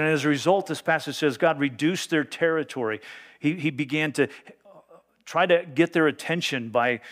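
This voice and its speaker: A man's voice: fairly high pitch, a bit bright. A man pastor preaching a sermon, reading scripture aloud and explaining it earnestly and emphatically.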